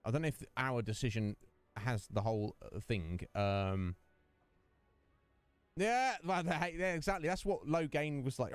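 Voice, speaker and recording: A male streamer hosts a casual game livestream, rambling, chatting, and joking with viewers over gameplay. His mid-range voice is unhurried, clear, and resonant, recorded dry.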